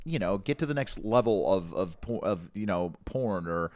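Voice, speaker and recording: A man co-hosting a podcast, bantering in a lively way and egging the guests on. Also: sits low, moderate pace, no room sound. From Italian, Argentinian, Colombian heritage. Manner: animated, egging others on. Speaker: co-host.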